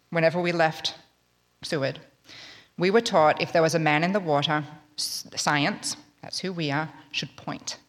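A woman tells a story to a live audience in a wry, chatty manner. Her voice sits on the low side. The sound carries a long hall reverb. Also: a bit bright. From Australia. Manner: wry, conversational, self-mocking.

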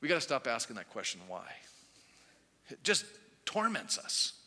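Animated male pastor in a reverberant hall. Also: mid-range voice, moderate pace. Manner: animated storytelling, acting out quoted voices. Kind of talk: sermon.

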